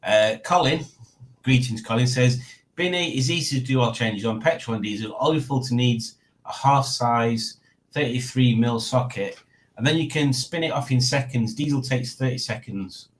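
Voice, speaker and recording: On a live stream, a man with a mid-range voice talks casually at a moderate pace, reading viewer comments aloud and chuckling often. The recording quality is low.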